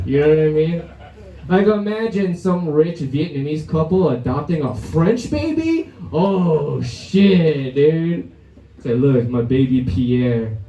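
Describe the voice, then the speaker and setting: A man's voice: mid-range voice, warm tone. A young man performing a stand-up comedy set at an open mic, brash and crude, laughing at his own jokes. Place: comedy club stage. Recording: roomy live club sound from a distance.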